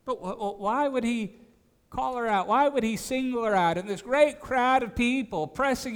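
Preacher in an echoing hall. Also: male voice, very high voice, normal speed, clear, resonant tone. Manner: stammers on restarts, rises to emphatic declarations. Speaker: pastor. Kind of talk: expository sermon.

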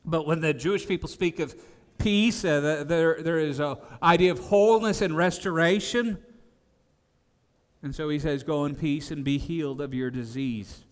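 Pastor, male, fairly high voice, stammering preacher, long hall reverb. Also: normal speed. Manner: stammers on restarts, rises to emphatic declarations. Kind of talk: expository sermon.

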